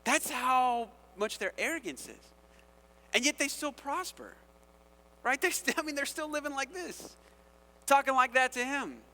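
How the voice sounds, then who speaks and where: A man preaching a sermon in a casual, conversational and animated way, often checking in with the audience. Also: very high voice, a little slow, long reverb tail. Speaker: pastor.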